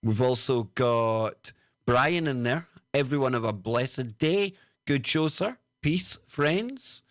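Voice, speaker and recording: A man's voice: mid-range voice, lively intonation, slow pace, fairly bright tone, no room sound, studio quality. A British man hosting a casual livestream, talking in a sarcastic, mocking way as he reads out chat comments. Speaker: livestream host.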